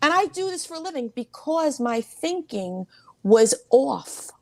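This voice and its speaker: Middle-aged woman, therapist guest, rapid animated storytelling, close dry recording. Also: no room sound. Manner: animated, rapid talker who mimics others in a high voice. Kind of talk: casual interview storytelling.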